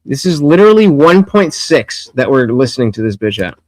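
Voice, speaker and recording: A man hosting a livestream, reacting to a debate with mocking, profane commentary that swings from low muttering to loud outbursts. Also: very animated, a little fast, no room sound.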